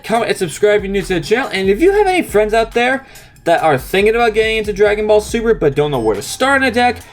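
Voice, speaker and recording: A young man hosting a card game channel, chatting casually and explaining a deck step by step in an upbeat, talkative way. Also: high-pitched. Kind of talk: casual deck profile walkthrough.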